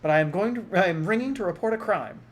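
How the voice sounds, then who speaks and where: A man's voice: high voice, expressive, fast, voice pushed up. A man doing a brave, earnest young girl. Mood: urgent. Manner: earnest, trying to sound grown-up.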